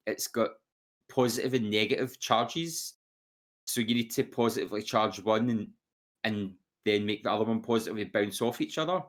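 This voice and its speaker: A man's voice: medium pitch, a bit bright. Rambling man, casual podcast chat. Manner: rambling, full of restarts and fillers. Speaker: podcast co-host.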